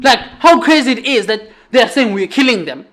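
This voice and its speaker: A woman's voice: on the high side, expressive, moderate pace, a bit bright. A South African woman with a South African accent, giving a heated, profane podcast monologue full of rhetorical questions and emphatic repetition. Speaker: podcast host.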